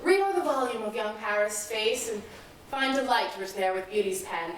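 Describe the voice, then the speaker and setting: A woman playing a stately noble mother who speaks formally and briskly, in a stage play. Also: on the high side, animated, slight background noise, close to an everyday voice. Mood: persuasive. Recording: echoey stage miked from far off.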